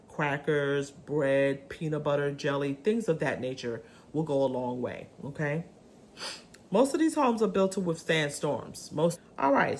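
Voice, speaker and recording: Brief: lower-pitched woman vlogger, chatty and animated, with a faint hiss behind her. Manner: chatty, animated, swooping pitch, many ums. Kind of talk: casual chat to camera.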